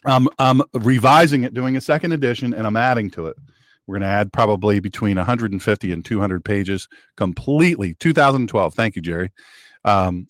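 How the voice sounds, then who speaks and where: A man's voice: on the low side, no echo, clean studio sound. A man hosting a political talk show, delivering an opinionated, rambling monologue, repeating phrases for emphasis and reading out listener messages. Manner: reads listener chat messages aloud.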